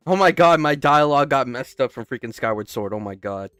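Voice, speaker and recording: Young male gamer, casual read-aloud playthrough, self-interrupting with jokey asides, smooth resonant voice, dry close mic. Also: mid-range voice, animated, brisk, fairly bright tone, dry recording, faint music behind. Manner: stops and restarts, breaks off into joking asides. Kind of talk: casual playthrough commentary, reading game text aloud.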